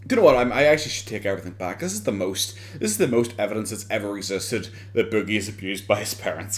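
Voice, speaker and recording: A drunk Irish man from Dublin rambling through mocking commentary, swearing often and laughing between lines. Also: on the low side. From Ireland.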